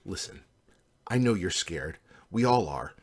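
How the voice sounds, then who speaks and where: A man voicing a young woman paladin who leads her party, speaking in a steady, rallying way. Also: deep voice, measured pace, breathy edge, full character voice.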